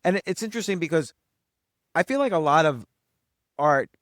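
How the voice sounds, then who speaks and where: A man's voice: on the high side, animated, a little fast, a bit bright, no room sound, clean studio sound. A man hosting an interview, asking questions and giving thoughtful comments while searching for words. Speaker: podcast host.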